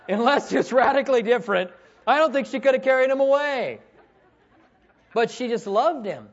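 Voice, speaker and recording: A man preaching a sermon, telling stories with animated swings between loud bursts and hushed tones, on a dull lo-fi recording. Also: extremely high pitch, normal speed. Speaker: pastor. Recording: dull lo-fi sound.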